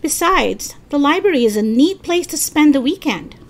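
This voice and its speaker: A woman's voice: high-pitched, expressive, normal speed, pitched above the performer's own voice. A woman doing a chirpy, sweet little schoolgirl. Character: sweet, friendly third-grade girl.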